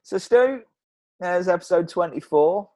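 A man's voice: sits high, animated, measured pace, mellow, dry recording, highs cut off. A man co-hosting a podcast in casual chat, rambling and laughing often. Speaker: podcast co-host.

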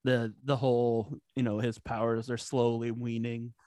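A man's voice: medium pitch, little pitch movement, normal speed, dark tone, no echo. A man, a podcast guest who chats casually and hesitantly, searching for words. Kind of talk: casual chat.

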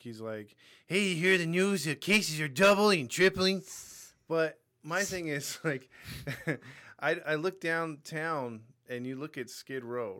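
A man's voice: medium pitch, fairly bright tone. A young man co-hosting a podcast in casual chat, rambling and loose, with lots of "like" and "you know". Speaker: podcast co-host.

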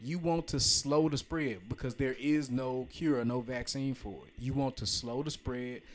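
A man hosting a casual podcast with friends, joking and talking in quick bursts. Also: medium pitch, fairly even intonation. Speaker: podcast host.

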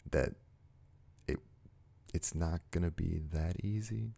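Very deep, gravelly man giving earnest motivation. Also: dark tone. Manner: earnest, slow and emphatic, repeating short phrases. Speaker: self-help speaker. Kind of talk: motivational monologue to viewers.

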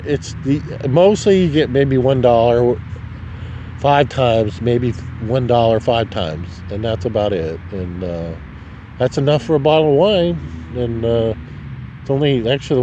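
A man's voice: mid-range voice, mellow, highs cut off, a little hiss or hum. A man from Nebraska, tipsy, rambling and swearing in a casual vlog monologue outdoors on a city street at night. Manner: rambling, profane, chuckling. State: drinking, tipsy. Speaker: vlogger.

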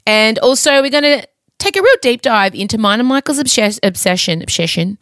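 A woman's voice: a little high, fairly quick, fairly bright tone, no echo, clean studio sound. Candid, sweary woman podcast host. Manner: candid, swears freely, gets emotional. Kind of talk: casual chat. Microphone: studio microphone.

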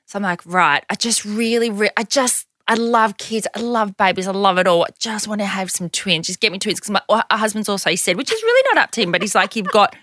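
A woman's voice: medium pitch, a little fast, hardly any pauses, no room sound, studio quality. A woman guest on a casual podcast, telling a story with lots of laughs and acted-out quotes. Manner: animated storyteller, acts out quotes, laughs often.

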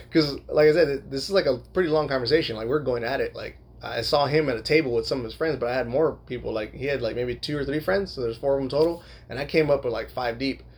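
A young man tells a rambling story at a fast clip, piling up fillers and swearing freely. His voice has a gravelly, creaky edge at a middle pitch. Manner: laughs while telling. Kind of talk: casual storytelling.

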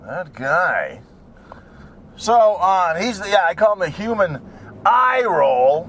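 A man's voice: high-pitched, sing-song, takes it slowly, fairly bright tone, a little hiss or hum. A man ranting sarcastically and rambling from topic to topic while he drives his car, swearing now and then. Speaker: vlogger. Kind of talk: rambling driving vlog.

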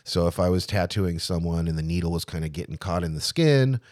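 A middle-aged man, a tattoo artist, telling his own story in a casual interview, animated and acting out the people he quotes, with frequent restarts. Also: deep voice, a little fast, no room sound, studio quality.

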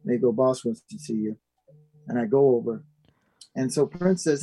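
A man's voice: mid-range voice, moderate pace, long pauses, slightly rough, no echo, faint music behind. A man from Minnesota, a guest musician, telling a story in an interview and acting out the voices of the people in it. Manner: animated, acts out quoted voices.

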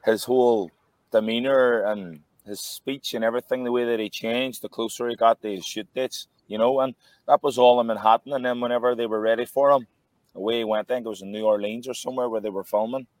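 A man's voice: mid-range voice, a little fast, no room sound. Man, former boxer, casual storyteller, restarts a lot, dry close sound. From Ireland. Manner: animated anecdotes with frequent restarts.

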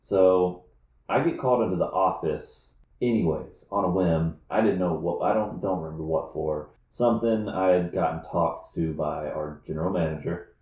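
Deep-voiced man telling a story in an echoey room. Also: normal speed, phone-quality sound. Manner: animated storyteller, acts out shouted lines. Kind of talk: casual storytelling chat.

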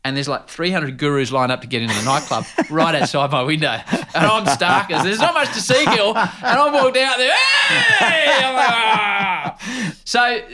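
A man's voice: a little high, brisk, few pauses, crowd noise. An Australian man with an Australian accent, telling stories animatedly with slang and laughter in a casual interview. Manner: animated, laughing storyteller, rough Aussie slang. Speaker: sports commentator and podcast host.

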